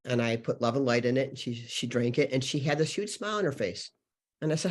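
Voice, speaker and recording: A man's voice: mid-range voice, fast. A man guest on a spiritual podcast, telling stories earnestly and rambling with many fillers. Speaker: podcast guest, healer and channeler. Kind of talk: spiritual interview conversation.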